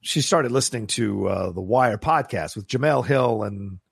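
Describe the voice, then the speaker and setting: A man co-hosting a podcast in casual chat, animated and swearing casually. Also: fairly low pitch, moderate pace, gravelly, slightly rough, no room sound, clean studio sound. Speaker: podcast co-host.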